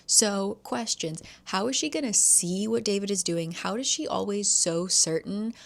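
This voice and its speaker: A woman's voice: medium pitch, a little slow, vocal fry, hardly any pauses. A young woman recapping a thriller in a casual vlog, chatty and swearing lightly as she goes. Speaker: book vlogger. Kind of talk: casual reading vlog with read-aloud passages.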